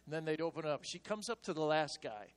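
An older man preaching a sermon, telling stories in a hushed voice and then rising into loud exhortation. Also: on the high side, fairly quick. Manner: animated storytelling, swinging from hushed asides to loud exhortation. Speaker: pastor. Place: church sanctuary. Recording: long reverb of a large hall.

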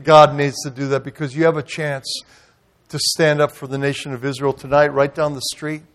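A man's voice: on the high side, level tone, normal speed. Fiery storytelling male preacher. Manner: dramatic, swings from loud outrage to hushed tenderness. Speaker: guest preacher. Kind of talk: sermon storytelling. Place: church.

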